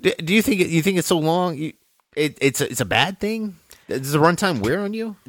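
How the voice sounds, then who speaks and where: A man co-hosting a casual film podcast, enthusiastic and halting, full of "like" and "dude". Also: fairly high pitch, expressive, fairly bright tone. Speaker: podcast co-host.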